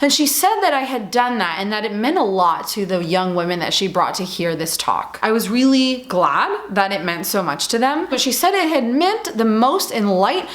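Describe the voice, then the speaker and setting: A woman's voice: mid-range voice, sing-song, normal speed, few pauses, roomy sound. A woman speaking earnestly to camera as a vlogger, heartfelt and apologetic, with frequent fillers like "like" and "um".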